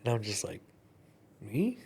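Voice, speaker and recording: A man talking casually on a podcast, telling animated stories and acting out quoted voices. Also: mid-range voice, a little slow.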